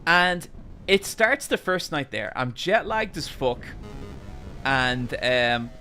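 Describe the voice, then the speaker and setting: A man streamer telling a long anecdote to his chat, animated and casually swearing as he rambles. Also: on the high side, takes it slowly, soft background music.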